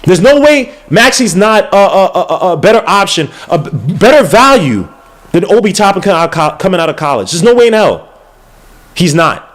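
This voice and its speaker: High-voiced man ranting on a podcast. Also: big pitch swings, moderate pace. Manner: heated, exasperated ranting with slang and repeats. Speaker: podcast host. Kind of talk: casual livestream podcast rant.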